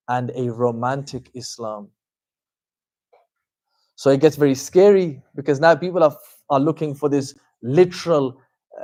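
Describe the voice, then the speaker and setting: A man giving an informal religious lecture as a teacher, animated and conversational, with frequent fillers and wry asides. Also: on the high side, dry recording. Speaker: Islamic teacher giving a talk.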